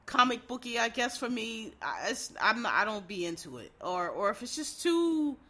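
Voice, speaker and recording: Bright-voiced blunt, rambling reviewer. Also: medium pitch, big pitch swings, moderate pace. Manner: rambling and blunt, with frequent fillers and swearing; frank, opinionated asides to viewers. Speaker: show reviewer. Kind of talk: casual monologue.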